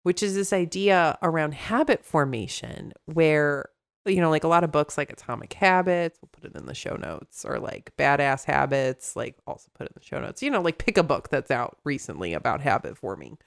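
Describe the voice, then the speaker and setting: A woman's voice: low-pitched, very animated, normal speed, creaky. A woman therapist co-hosting a casual podcast chat, rambling into tangents and laughing often.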